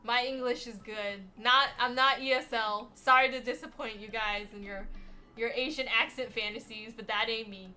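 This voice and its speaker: Sassy, bright-voiced young woman streamer. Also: a little high, fairly even intonation, moderate pace, faint music behind. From United States. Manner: rambling, profane and sassy. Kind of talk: casual livestream chat.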